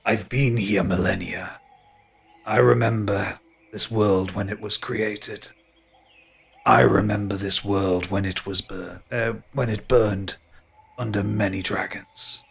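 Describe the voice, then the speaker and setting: A man voicing an ancient, slow-spoken tree spirit in a tabletop game, deep, solemn and weary. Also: steady tone, vocal fry, husky, exaggerated voice.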